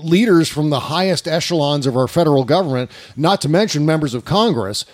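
A man hosting a political talk show in a profane, sardonic, animated way. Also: on the high side, a little fast. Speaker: podcast host.

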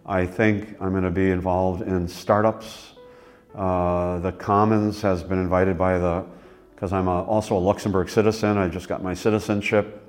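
A man in his sixties, interviewed, telling his life story in a rambling, relaxed way with many fillers. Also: deep voice. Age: 60s. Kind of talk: reflective personal storytelling.

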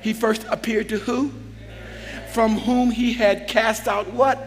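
A man preaching a sermon as a bishop, calling out to the congregation and building into shouts. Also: very high voice, level tone, takes it slowly. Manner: call-and-response preaching, swells into shouts. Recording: long hall reverb with faint music.

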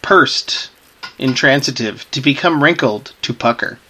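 A man's voice: mid-range voice, lively intonation, measured pace, sharp tone, a little hiss or hum. A young man co-hosting a podcast, chatting casually and wryly. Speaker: podcast co-host. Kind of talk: casual chat.

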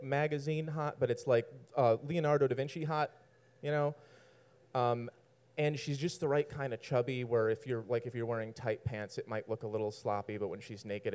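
A man's voice: mid-range voice, darkish tone, clear, resonant tone. Brief: male storyteller, loose and rambling, self-mocking humor. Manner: rambling, self-mocking, laughs at his own lines. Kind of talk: personal story told to an audience.

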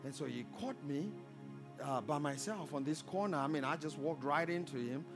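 A man preaching a sermon as pastor, calling for amens and swinging between loud exhortation and quiet storytelling. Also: a little high, normal speed, music in the background. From Zimbabwe. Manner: preaching with rising calls for amen and audience response.

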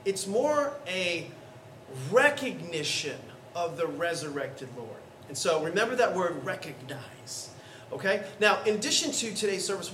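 A man, the pastor, giving a sermon in a conversational, animated storytelling way. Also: high-pitched, echoey room, recorded from a distance, slight background noise. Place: church sanctuary.

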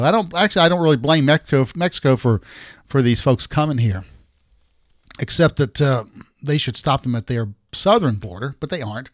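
A man's voice: a little high, no echo. Middle-aged man, podcast host, rambling blunt commentary, dry close sound. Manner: rambling, halting, with many restarts; blunt and sarcastic. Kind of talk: casual political commentary.

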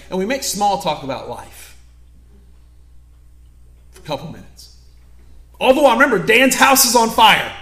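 Bright-voiced preacher acting out stories. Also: male voice, a little high, roomy sound. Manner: animated storytelling, acting out scenes. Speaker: pastor. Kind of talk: sermon. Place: church sanctuary.

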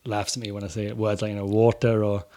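A man's voice: fairly low pitch, flat delivery, fast, dark tone. A man in his forties from England, a podcast guest with a Corby accent mixed with Swedish, American and Welsh, chatting casually and laughing often. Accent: Corby English mixed with Swedish, American and Welsh. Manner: laughs often, loose and swearing. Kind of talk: casual chat.

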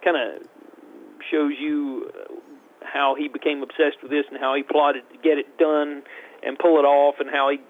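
A man reviewing a film in casual radio chat, halting and repeating words as he talks. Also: a little high, flat delivery, narrow, tinny audio.

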